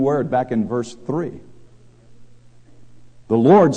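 A man preaching a sermon, swinging between loud declaiming and quiet asides. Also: mid-range voice, animated, takes it slowly, long pauses. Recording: long hall reverb.

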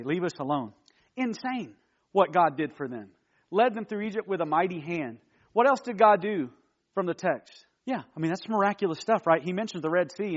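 A man with a high voice leads a youth sermon in a casual, animated way. He keeps throwing rhetorical questions at his young listeners. The recording sounds dull and lo-fi. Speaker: youth pastor.

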